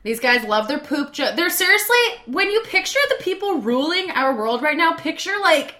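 American woman, bright tone, casual stream chat, rambling, restarts, reading out messages. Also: sits high, big pitch swings, moderate pace. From United States. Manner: loose, rambling, with frequent restarts and laughs.

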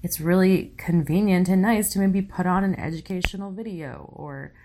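A worn-out woman hosting her own show, talking in a halting way with nervous laughs, close to tears. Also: fairly low pitch, mellow. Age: young adult to middle-aged parent. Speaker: podcast host. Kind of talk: casual solo commentary reading listener comments.

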